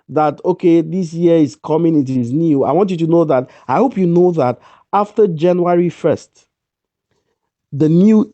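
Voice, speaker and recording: A man's voice: a little high, warm tone, dry recording, muffled recording. Emphatic man giving a motivational talk. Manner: emphatic, repeats key lines. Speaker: guest speaker.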